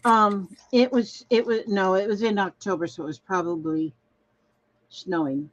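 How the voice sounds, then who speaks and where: A woman's voice: mid-range voice, steady tone, unhurried, no echo, lo-fi sound. An older woman from Minnesota chatting casually as a craft livestream host, reading viewer comments aloud and trailing off mid-sentence.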